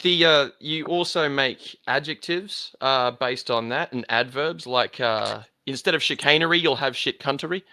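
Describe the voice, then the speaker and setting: A man's voice: medium pitch, normal speed, hardly any pauses, pushed and bright, dry recording. An Australian man chatting as a guest on a stream, crude and full of swearing. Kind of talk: casual chat.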